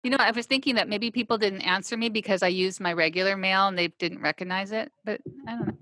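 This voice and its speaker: A woman's voice: mid-range voice, fast talker, bright, forceful tone, no room sound. A woman co-hosting a casual chat, hesitant and searching for words, with many fillers.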